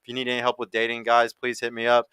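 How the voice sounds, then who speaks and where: A man's voice: medium pitch, monotone, quick pace, bright, forceful tone, clear, resonant tone, dry recording. A man hosting a casual livestream podcast, talking brashly and with lots of swearing as he reads out chat comments. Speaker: podcast host and dating coach.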